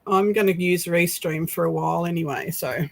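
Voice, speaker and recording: An Australian woman hosting a casual livestream, excitable and breathless with frequent sighs. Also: on the low side, moderate pace, gravelly, poor audio. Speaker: livestream host.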